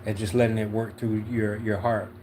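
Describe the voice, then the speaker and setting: A man's voice: lowish voice, flat delivery, moderate pace, a little mellow, a little hiss or hum. A man from Philadelphia hosting a casual livestream tarot reading, laid-back and slangy, often checking in with "you know what I'm saying". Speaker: tarot reader, livestream host.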